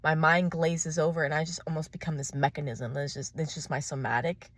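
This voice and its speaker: A woman talking through her fears in a raw, profane confessional vlog, swinging between hushed and loud. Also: low-pitched, steady tone, a little fast, no room sound. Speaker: vlogger.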